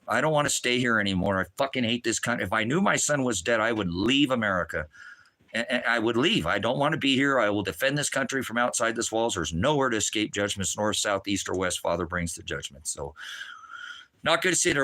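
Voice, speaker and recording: Angry middle-aged preacher guy swearing nonstop, sharp bright tone, yells then mutters. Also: medium pitch, expressive, quick pace. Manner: profane, agitated, swinging between shouting and muttering. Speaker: ministry preacher. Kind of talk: angry livestream rant.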